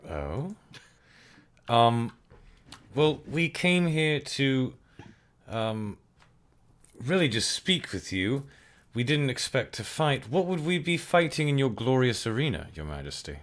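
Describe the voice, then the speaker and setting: A man's voice: medium pitch, big pitch swings, slow, pauses often. A man playing a tabletop game, speaking for his character in a courtly, persuasive way. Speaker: player.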